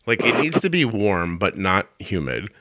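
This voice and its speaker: A man's voice: fairly low pitch, sing-song, normal speed, sharp tone, no echo. A middle-aged man hosting a podcast, telling rambling jokey stories in casual chat. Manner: joking, rambling storyteller. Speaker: podcast host.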